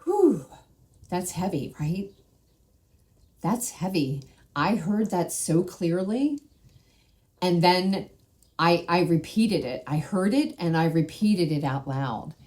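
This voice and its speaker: A woman's voice: fairly low pitch, expressive, slow pace, long pauses, darkish tone. A woman host sharing a personal spiritual testimony in a conversational way, often asking "right?".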